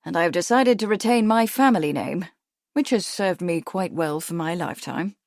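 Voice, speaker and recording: A woman voicing a cordial, well-bred gentleman greeting an old friend. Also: high voice, moderate pace, no echo, clean studio sound.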